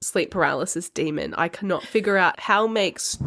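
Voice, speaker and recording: A woman's voice: fairly low pitch, moderate pace, fairly bright tone. A young adult woman co-hosting a casual book podcast, rambling through stories and giggling often. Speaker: podcast co-host. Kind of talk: casual chat.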